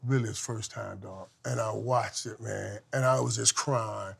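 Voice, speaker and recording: A middle-aged man, a former football player, telling lively stories as a podcast guest, laughing often and swinging from loud to hushed. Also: lowish voice, unhurried, creaky, husky. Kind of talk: animated storytelling in casual chat.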